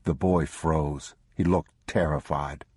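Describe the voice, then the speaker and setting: A man narrating an audiobook in a measured, unhurried way. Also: very deep voice, steady tone, darkish tone, husky, dry recording, clean studio sound. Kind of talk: scripted narration.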